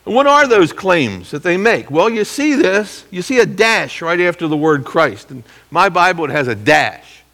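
A middle-aged man teaching from the Bible as a pastor, animated, acting out quotes and clearing his throat now and then. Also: sits high, moderate pace, few pauses, big-room sound.

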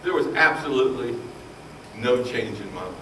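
A man preaching a sermon, telling his own story with passion, his voice rising loud and falling hushed. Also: mid-range voice, lively intonation, moderate pace, a little hiss or hum. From Baltimore, Maryland. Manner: impassioned, swings from loud to hushed. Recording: roomy echo, voice from far off.

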